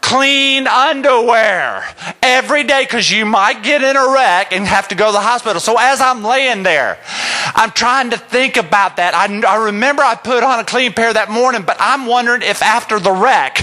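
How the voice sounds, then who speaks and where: A middle-aged man telling a humorous personal story to an audience, animated and self-mocking, chatting with the crowd. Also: high voice, moderate pace.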